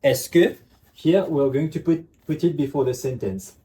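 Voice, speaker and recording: Man teaching, mellow voice. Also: fairly high pitch. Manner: repeats "ok" constantly, checks understanding, slow emphatic examples. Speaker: French teacher. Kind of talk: classroom lesson explanation.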